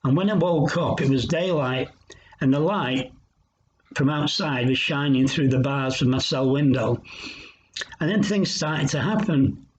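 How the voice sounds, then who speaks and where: A man giving a personal testimony in an earnest, reflective way, pausing as he tells his story. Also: mid-range voice, slight background noise. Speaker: Christian recovery speaker. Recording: dull lo-fi sound.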